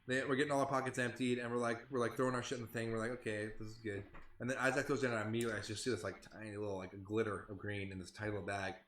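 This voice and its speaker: A young man in a band telling a tour story in casual podcast chat, animated and profane. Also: mid-range voice, very fast, hardly any pauses. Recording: roomy echo.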